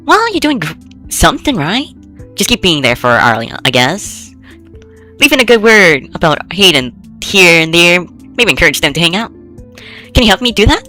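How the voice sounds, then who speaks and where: A woman's voice: on the low side, big pitch swings, normal speed, sharp tone, soft background music, pitched above the performer's own voice. A woman voicing an upbeat teenage girl in a visual novel, eager and pleading as she asks a friend for help. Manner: bubbly, pleading.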